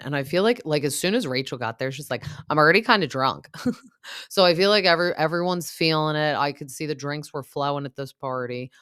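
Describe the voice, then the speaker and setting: A woman's voice: very deep voice, smooth, no echo. Chatty opinionated lady doing a reality tv recap, like, um, lots of filler, dry close sound. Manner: gossipy and opinionated. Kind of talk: casual recap chat.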